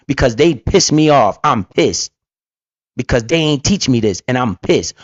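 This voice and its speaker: A man's voice: fairly high pitch, no echo. A man giving heated, profane reaction commentary about investing, preaching hard at his listeners. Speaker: finance commentator reacting to a clip. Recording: dull lo-fi recording.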